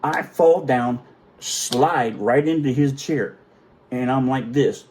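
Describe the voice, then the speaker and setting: A man's voice: medium pitch, slow pace, darkish tone, slight background noise. A middle-aged man telling a story in a casual, profane, self-mocking way.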